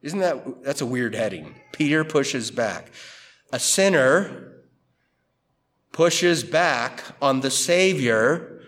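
A man preaching an expository sermon in a conversational, animated way, acting out quotes from scripture figures. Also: mid-range voice, slow pace. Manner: conversational, animated quoting of Peter and Jesus. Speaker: pastor.

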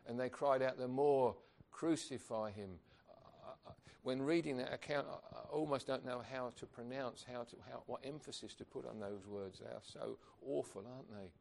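A man's voice: mid-range voice, steady tone, normal speed, gravelly, hardly any pauses, darkish tone. A man preaching a sermon, earnest and emphatic, asking rhetorical questions of his congregation.

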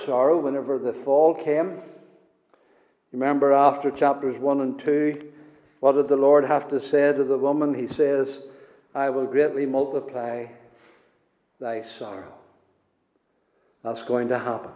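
A man's voice: medium pitch, steady tone, measured pace, pauses often. A man preaching a sermon with emphatic, rising and falling delivery, repeating key words for force. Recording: echoey hall, dull lo-fi sound.

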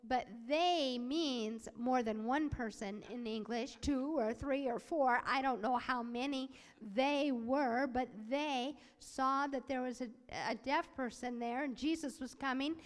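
A woman voicing a sermon as interpreter, telling a story with animated acted-out voices. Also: high-pitched, measured pace, few pauses. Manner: animated, acts out quoted voices. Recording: long hall reverb.

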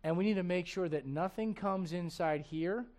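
A man's voice: sits high, moderate pace, darkish tone. A middle-aged man preaching a sermon, acting out quoted voices and laughing at his own jokes. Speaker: pastor.

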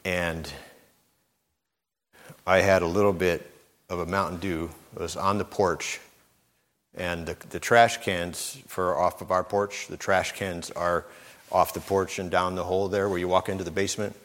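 Speaking a little slowly, a middle-aged preacher gives a relaxed, conversational sermon in a very low voice. The long reverb of a large hall surrounds him as he repeats words and performs the speech of characters in his stories.

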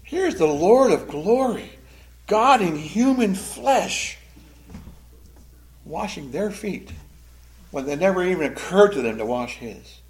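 A man teaching a Sunday school sermon, animated, acting out the quoted voices in the story. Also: high-pitched, takes it slowly, long pauses, slight background noise.

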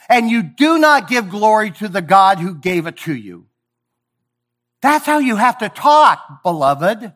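A man preaching a sermon, emphatic and sometimes sarcastic, swinging from booming lines to hushed ones. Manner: sarcastic mock praise.

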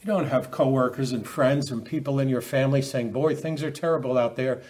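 A man's voice: medium pitch, brisk, a little mellow. A man preaching a sermon, often restarting and repeating words as he quotes scripture.

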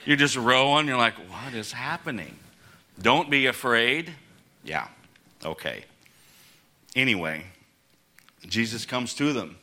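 Bright-voiced man preaching a casual sermon. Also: mid-range voice, lively intonation, slow pace, long pauses. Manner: conversational, chuckling asides, acts out quotes. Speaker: pastor.

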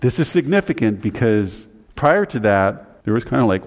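A male pastor giving a conversational teaching sermon, his voice climbing higher when he stresses a point. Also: sing-song, moderate pace. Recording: long hall reverb.

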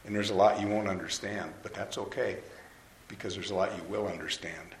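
In a roomy hall with an audience and faint noise, a man preaches a sermon conversationally, putting questions to the crowd. His voice is low-pitched and steady, and he speaks fairly quickly.

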